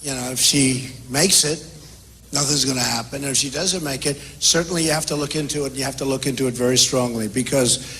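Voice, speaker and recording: At an indoor town hall, an older man running for president fields audience questions in an off-the-cuff rally speech. His medium-pitched voice is fairly bright and fairly quick, and he rambles and boasts, repeating phrases again and again. There is slight background noise.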